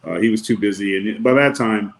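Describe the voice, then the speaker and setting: A man's voice: lowish voice, brisk, gravelly, low-quality recording. A man on a podcast, a wrestler and former bodyguard, telling a long anecdote in a laid-back, wry way and acting out what other people said. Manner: laid-back, wry storyteller who acts out quotes. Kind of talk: storytelling anecdote in casual chat.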